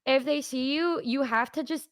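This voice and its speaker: A woman's voice: sits high, normal speed, no echo, studio quality. A woman streamer in casual chat, laid-back and self-deprecating, swearing casually.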